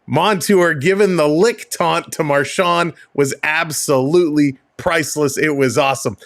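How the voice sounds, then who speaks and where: A man hosts a live hockey stream with energetic, joking patter. He runs through the lineups casually, his voice pitched slightly higher than most men's. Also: measured pace. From Canada. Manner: energetic, jokey, breaks into laughing fits.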